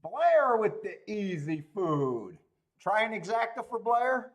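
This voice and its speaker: Animated, stammering man ranting on a livestream. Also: high voice, takes it slowly. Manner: animated, laughing, stammering rants. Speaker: host of a horse racing betting livestream. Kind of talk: casual livestream chat.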